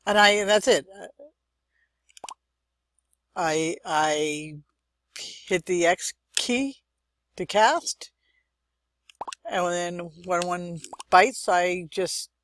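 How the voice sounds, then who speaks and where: A woman's voice: fairly low pitch, no echo. A young woman hosting a let's-play, chatting and thinking aloud as she plays, with muttered asides. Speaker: gaming channel host. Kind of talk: let's-play game commentary.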